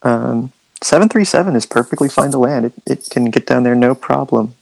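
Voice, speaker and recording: A man narrating as game master of a tabletop war game, relaxed and halting. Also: mid-range voice, gravelly, no echo, rough recording.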